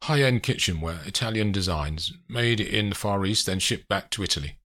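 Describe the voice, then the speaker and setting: A man's voice: lowish voice, normal speed, bright, forceful tone. A man voicing a terse, guarded businessman. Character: guarded businessman, evasive and curt. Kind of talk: audiobook character voice.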